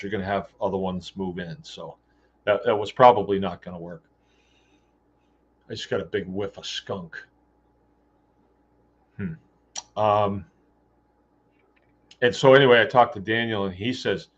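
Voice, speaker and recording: A man with a lowish voice tells a long story in a casual, meandering way, full of restarts and ums. He is recorded outdoors on a farm, and the sound is dull and lo-fi. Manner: rambling, with many fillers and restarts, acting out quoted dialogue. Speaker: podcast host.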